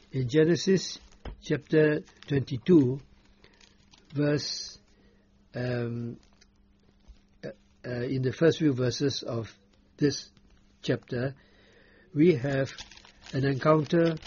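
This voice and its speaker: A man delivers a Bible teaching sermon at a very unhurried pace, leaning into each quoted verse. His voice is warm, dark and a little husky. The recording is dry and muffled, with a lo-fi dullness. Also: mid-range voice, no room sound. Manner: slow, deliberate reading of scripture with emphatic quotes. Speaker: preacher.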